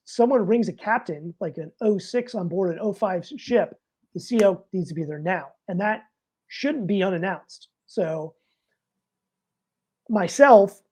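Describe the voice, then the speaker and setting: Ex-Navy master chief, middle-aged guy, spins a loose, salty yarn on a podcast mic. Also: high-pitched. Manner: animated, swears freely, acts out quotes. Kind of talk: casual storytelling.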